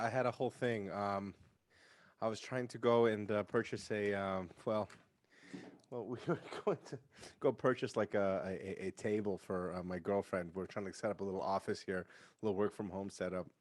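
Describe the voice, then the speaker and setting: A man's voice: on the low side, normal speed, dry recording. A young man guest on a casual online show, telling a rambling story full of swearing. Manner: profane, animated storyteller doing voices. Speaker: podcast guest.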